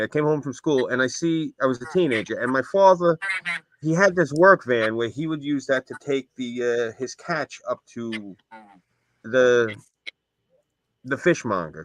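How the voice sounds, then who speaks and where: A man's voice: a little high, a bit bright, dry recording. A man co-hosting a casual stream, telling rambling anecdotes. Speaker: stream co-host. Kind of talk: casual stream chat, storytelling. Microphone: desk mic on a stream.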